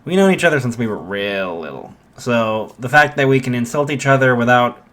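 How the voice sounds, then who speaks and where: A man's voice: medium pitch, sing-song, a little fast, a bit bright. A man voicing a cocky teenage boy hero who teases his rival with playful insults, in a casual spoken fan story. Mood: teasing.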